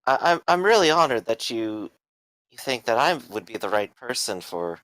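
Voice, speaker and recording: Brief: man doing a shy young village woman, halting, stammering, bright tone. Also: mid-range voice, very animated, no echo, poor audio. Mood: flustered.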